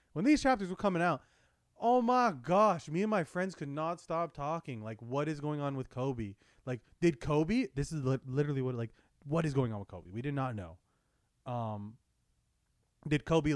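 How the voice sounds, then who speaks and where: A young man hosting a casual podcast chat, excitable and jokey, with loud swings in his voice. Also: mid-range voice, dry recording, studio quality. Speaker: podcast host.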